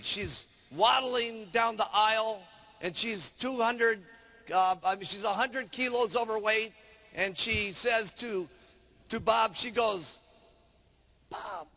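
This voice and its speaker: A male sales trainer telling a story in an animated way, acting out the scenes with gestures. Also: sits high, big-room sound.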